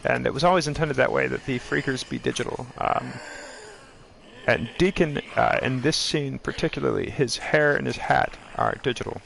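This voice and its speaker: A man doing a gravelly, rambling old filmmaker. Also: medium pitch, fairly bright tone, slight background noise. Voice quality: gravelly, many drawn-out "uh" fillers. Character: older male filmmaker, halting and rambling. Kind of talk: comic celebrity impression.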